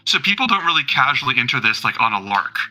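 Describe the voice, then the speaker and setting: A man's voice: mid-range voice, sing-song, fast talker, sharp tone, faint music behind, low-quality recording. A man narrating as game master of a tabletop role-playing game, rambling casually with many fillers and the odd swear.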